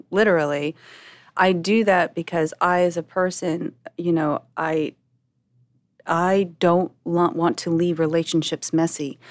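A woman's voice: lowish voice, darkish tone, no room sound. A middle-aged woman co-hosting a podcast, talking candidly and emotionally, often restarting her sentences as she searches for words. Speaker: podcast co-host.

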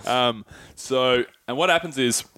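A man's voice: mid-range voice, moderate pace, a bit bright, clean tone, no echo, studio quality. A man co-hosting a podcast, retelling a film with swearing and enthusiasm. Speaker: podcast co-host. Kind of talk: casual chat.

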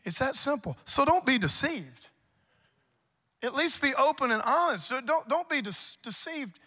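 Male pastor, emphatic sermon, bright forceful tone, long hall reverb. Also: very high voice, big pitch swings, a little slow. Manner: emphatic preaching, rising loud on key points.

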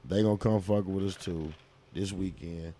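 Brash, hyped man with a mellow voice. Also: deep voice, fairly even intonation, normal speed. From Kentucky, US. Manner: brash and hyped, swears freely. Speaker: podcast co-host. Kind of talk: casual podcast chat.

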